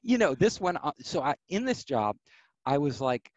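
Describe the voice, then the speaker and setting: Animated middle-aged man telling stories. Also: a little high, normal speed, no echo, highs cut off. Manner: animated, acts out quoted voices. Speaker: podcast guest. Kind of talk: storytelling interview.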